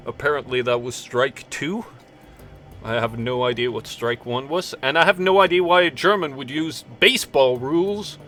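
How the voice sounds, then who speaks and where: A man chats his way through a game stream at an unhurried pace, full of fillers and jokes at his own expense. His voice sounds bright and forceful. Faint music plays underneath. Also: fairly high pitch. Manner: rambling, self-mocking, many fillers. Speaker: streamer host. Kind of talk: casual game stream commentary, reading game text aloud.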